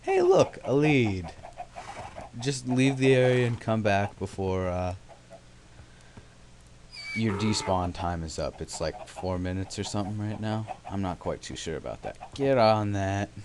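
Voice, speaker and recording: A man's voice: lowish voice, measured pace, noisy background. A young man casually narrating his gameplay, rambling with sarcastic, self-mocking asides. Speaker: let's play host.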